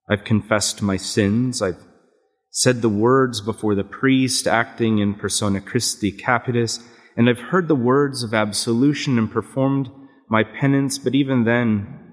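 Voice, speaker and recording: A man with a Canadian accent, a deacon reading scripture and giving a homily, earnest and reflective, sounding nasal and stuffy from a head cold. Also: medium pitch. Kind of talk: sermon. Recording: long hall reverb.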